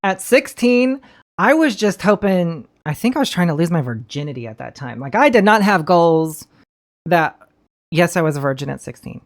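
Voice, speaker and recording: A woman's voice: lowish voice, sing-song, normal speed. A woman giving casual, chatty commentary on a TV episode, swearing freely and talking straight to her viewers. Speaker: TV show reviewer.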